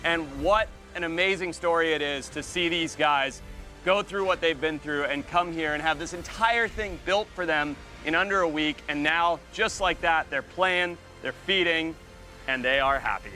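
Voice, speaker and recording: A man presenting wildlife on location, excitable and exclamatory, cooing at the animals he is showing. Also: on the high side, moderate pace, soft background music.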